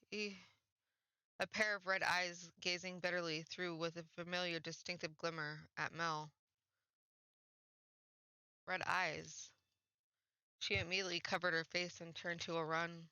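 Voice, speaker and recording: A woman streamer reading a visual novel aloud with expressive narration, dropping in quick reactions of her own. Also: on the low side, clear, resonant tone, no room sound. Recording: dull, slightly muffled dry recording.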